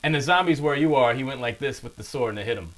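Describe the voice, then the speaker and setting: A man co-hosting a casual gaming podcast, excitable and blunt, swearing casually. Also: mid-range voice, quick pace, poor audio. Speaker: podcast co-host.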